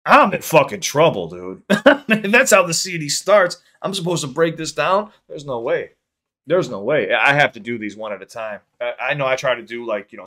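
A man of ordinary pitch reacts to a track in loose, rambling talk. He gets excited easily and swears often, with a friendly, off-the-cuff delivery. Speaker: music reaction host. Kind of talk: casual reaction commentary.

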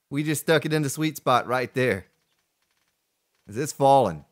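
A man's voice: medium pitch, expressive, unhurried, pauses often. A male streamer giving playful live gameplay commentary, joking with his chat and thanking donors. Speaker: game streamer.

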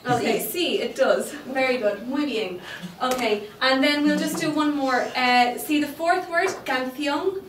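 Patient woman teacher with a high voice, recorded from the back of an echoey classroom. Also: a little slow, hardly any pauses, a bit bright, slight background noise. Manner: patient, checks understanding with frequent okay. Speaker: Spanish teacher. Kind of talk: classroom lesson. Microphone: distant room microphone. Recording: echoey classroom, mic far off.

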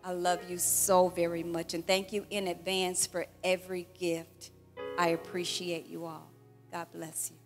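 A woman's voice: on the low side, level tone, measured pace. Woman in her sixties thanking her church. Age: 60s. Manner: warm storytelling with laughter, acting out dialogue. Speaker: pastor celebrating her birthday. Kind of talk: thank-you speech at a church celebration. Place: church hall event. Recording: long-reverb hall with music behind.

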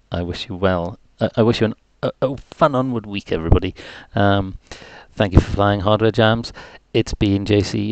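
Mild Geordie man hosting a live stream, low gravelly voice, dry close sound, joking and filling time. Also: no room sound. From North East England. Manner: jokey, chatty, self-deprecating rambling. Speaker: livestream host. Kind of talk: rambling live-stream chat.

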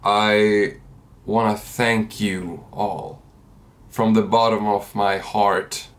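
A man's voice: lowish voice, fairly even intonation, extremely slow. A young man with a Swedish accent, chatting casually and joking around as he makes a beat for his vlog. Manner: goofy, jokey and candid. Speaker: music producer and YouTuber.

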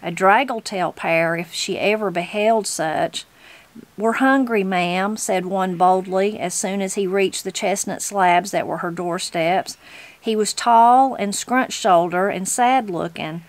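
A woman's voice: mid-range voice, a little slow, dry recording. A woman, reading a novel aloud as host of her channel. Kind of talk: storybook reading.

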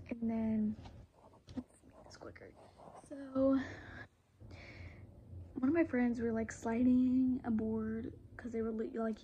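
A woman's voice: a little high, mellow, lo-fi sound, slight background noise. Rambling teen girl telling a storytime. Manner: rambling, filler-heavy, restarts often. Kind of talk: casual storytime vlog.

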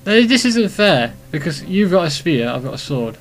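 A young man giving rambling, profane commentary while playing a video game, excitable and talking to himself. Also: medium pitch, fast, creaky, few pauses, soft background music. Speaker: let's play host. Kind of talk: casual gameplay commentary.

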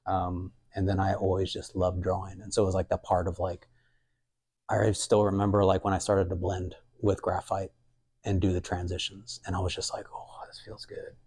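A man's voice: low-pitched, little pitch movement, normal speed, darkish tone, slightly rough. A young adult man, an artist, talking casually in a museum gallery, rambling with lots of fillers and quoted asides. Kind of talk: casual conversational talk.

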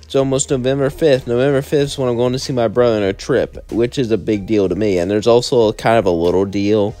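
A man's voice: mid-range voice, fast, dark tone, soft background music. A young man narrating a fan story and chatting casually as channel host. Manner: rambling, casual.

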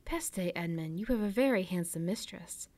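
A warm, fatherly ship owner speaks with easy encouragement, read by a woman in a storybook voice. His tone is mellow and soft rather than bright, gently pleased with the young sailor in front of him. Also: fairly low pitch, expressive, moderate pace, lightly acted. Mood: genial. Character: kindly middle-aged male ship owner.

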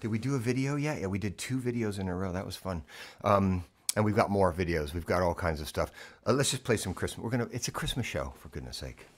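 A man's voice: deep voice, expressive, fast talker. A man hosting a casual music livestream from his living room, rambling and self-mocking, with lots of fillers and restarts. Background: keyboard playing.

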